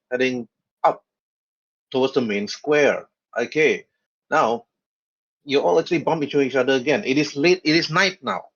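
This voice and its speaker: A man narrating as game master of an online tabletop game, in a relaxed, halting way with many fillers. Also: medium pitch. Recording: dull lo-fi voice chat audio.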